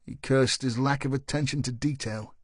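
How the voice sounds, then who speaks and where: A man narrating a thriller audiobook in a measured, even way. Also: mid-range voice, no room sound, clean studio sound.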